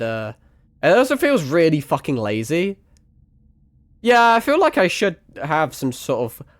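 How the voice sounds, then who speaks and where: A man's voice: mid-range voice, no echo. A young man streaming a game, chatting casually, swearing freely and mocking himself, his voice a bit strained from hours of talking. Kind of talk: casual live-stream gaming chat.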